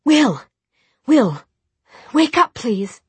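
A woman's voice: medium pitch, fairly even intonation, normal speed, darkish tone, breathy edge, dry recording, pitched above the performer's own voice, natural voice. A woman voicing a determined young woman who pleads in urgent whispers and raised cries. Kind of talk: audiobook reading.

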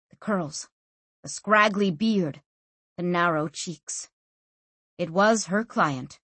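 A woman narrates a fantasy audiobook in a measured, quietly expressive voice. Her tone is husky and breathy at a middle pitch, and the recording is dry and close. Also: dry recording.

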